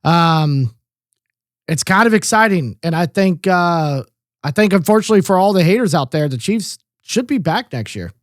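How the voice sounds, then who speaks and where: A man with a notably high voice rambles through casual sports chat, swearing freely and leaning on "um" and "like". His voice is recorded up close and dry, with no room sound around it. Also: animated, moderate pace, no echo. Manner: profane, rambling, lots of fillers. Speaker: podcast co-host.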